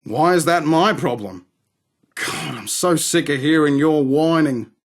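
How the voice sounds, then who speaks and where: A swaggering, foul-mouthed arms dealer. He talks in a slow, unhurried drawl, his voice sitting a little high for a man. Every line is sardonic and dismissive. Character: cocky, crude male London arms dealer. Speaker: game character. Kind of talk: game voice acting.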